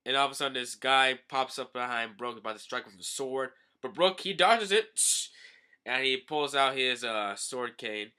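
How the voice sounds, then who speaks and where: A young man hosting a casual manga recap, talking loosely and jumping into high shouted voices for the characters. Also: normal speed, clean tone. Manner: animated, jumps into loud high-pitched shouted character voices. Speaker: manga review host.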